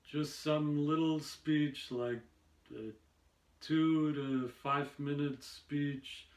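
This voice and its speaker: A man doing amateur stand-up, telling meandering personal stories in a halting way, with many pauses and fillers. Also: on the high side, steady tone, echoey room. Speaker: amateur stand-up comedian and podcast host. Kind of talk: rambling stand-up storytelling.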